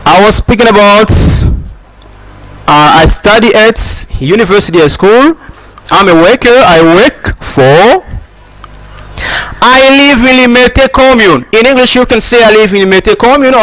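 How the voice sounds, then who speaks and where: A young man from Congo teaching an English lesson on a TV program, slowly repeating example sentences. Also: sits high, fairly bright tone, no echo.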